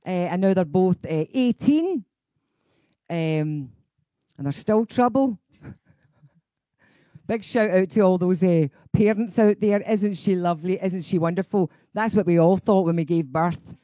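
A woman's voice: fairly low pitch, lively intonation, unhurried, long pauses, dark tone. A middle-aged Scottish woman hosts a live session as a singing teacher. She chats in a loose, laughing way and drifts off on tangents. Her voice sounds dry and close, with no room echo. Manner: chatty, laughing, goes off on tangents. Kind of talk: casual live-stream chat.

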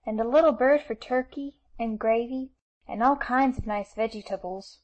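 A woman's voice: fairly high pitch, moderate pace, a little mellow, natural voice, poor audio. A woman reading as a prim little girl playing mother. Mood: eager. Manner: earnest, polite, bossy.

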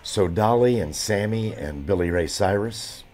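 A man's voice: on the low side, lively intonation, measured pace, darkish tone, faint music behind. A man in his seventies talking in an interview, rambling with many fillers and restarts. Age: 70s. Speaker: drummer.

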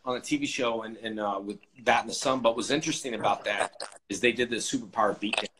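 A man hosting a casual interview, talking in halting, rambling bursts with many restarts. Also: fairly low pitch, rough recording. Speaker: host. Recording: loud background noise.

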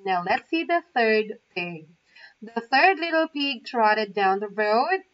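A woman reads a children's story aloud very slowly and carefully, pausing for little asides. Her voice is fairly high, and the recording is muffled and dull, with her sitting a bit away from the mic. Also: animated, distant mic. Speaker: English teacher trainee.

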